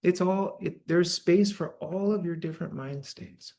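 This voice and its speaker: This meditation teacher's voice is high-pitched, a touch slow, and slightly mellow. He's giving a dharma talk to a live audience in a church hall, chatting naturally and often tossing in "right?" to check in.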